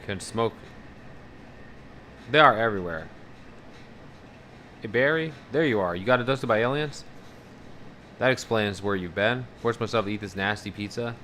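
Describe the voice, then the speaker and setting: A man's voice: on the low side, normal speed, pauses often, slight background noise. A man livestreaming casually, rambling and swearing as he reads out viewer messages. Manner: rambling, profane, animated about fears. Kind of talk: casual live-stream chat, reading out viewer messages.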